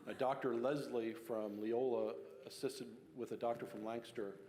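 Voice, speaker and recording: A man's voice: mid-range voice, steady tone, moderate pace, warm tone, a little hiss or hum. A man from giving a casual public talk on local history, telling the story conversationally with fillers and restarts. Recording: long hall reverb.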